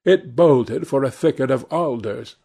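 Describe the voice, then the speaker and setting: A man reading a classic novel aloud as narrator, with a measured, deliberate delivery. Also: medium pitch, gravelly, warm tone, husky. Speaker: audiobook narrator. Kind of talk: scripted literary narration.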